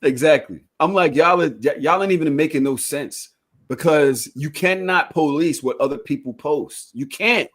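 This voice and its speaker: Man, podcast co-host, casual chat, teasing, high-ish voice, loud bursts. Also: moderate pace.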